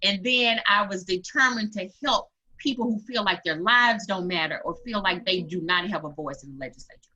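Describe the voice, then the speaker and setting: A woman's voice: mid-range voice, moderate pace, bright, forceful tone. Earnest woman candidate, lo-fi sound. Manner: earnest, storytelling with emphatic repeats. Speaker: political candidate. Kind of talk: interview conversation. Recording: dull lo-fi sound.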